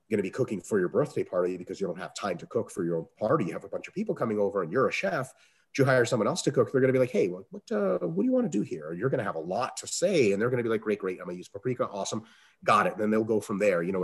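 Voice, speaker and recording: A man answering interview questions as a strength coach, talking casually, with salty language and lively acted-out quotes. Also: on the low side, breathy edge. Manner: profane, animated, acts out quoted dialogue.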